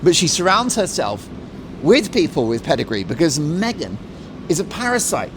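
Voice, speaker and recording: A middle-aged man delivers a talk show monologue in a fairly high voice that swings widely as he mocks and jokes. His manner is animated and opinionated, and a faint hiss runs under the recording. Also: moderate pace. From Britain. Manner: animated, mocking, swings into jokey put-on voices.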